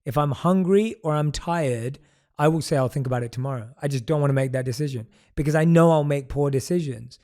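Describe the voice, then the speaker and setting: A man hosting a podcast, his voice slightly higher than most men's. He talks in a reflective, affirming way and repeats phrases to drive a point home. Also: a little fast, warm tone. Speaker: podcast host. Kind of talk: casual conversation.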